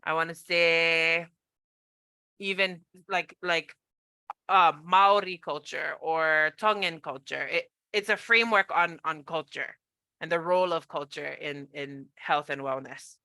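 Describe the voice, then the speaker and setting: A woman's voice: sits low, fairly even intonation, unhurried, bright, forceful tone, smooth, no room sound. A woman from Hawaii, a cultural practitioner, giving a chatty, upbeat online presentation on a video call, with many fillers and restarts.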